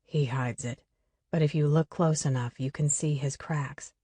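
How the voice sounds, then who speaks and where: A woman voicing a young man's gentle ghost brother in an audiobook, speaking softly and calmly. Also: unhurried, husky, no echo. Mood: tender. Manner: soft, low and calm.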